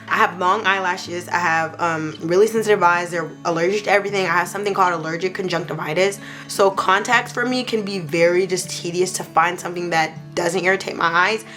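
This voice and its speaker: A young woman in a casual beauty review vlog, talking playfully and gushing with excitement. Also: fairly low pitch, brisk, faint music behind. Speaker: beauty vlogger.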